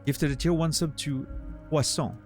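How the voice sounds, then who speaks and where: A man's voice: fairly high pitch, steady tone, moderate pace, soft background music. Easygoing male streamer chatting with viewers. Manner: easygoing, thanks viewers and chats with them. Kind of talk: casual chat with live viewers. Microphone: studio condenser microphone.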